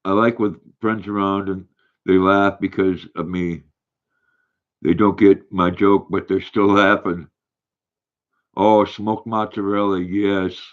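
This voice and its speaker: An older man, hosting a casual livestream, rambling and halting as he reads viewer comments aloud. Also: low-pitched, level tone, highs cut off. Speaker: livestream host reading chat.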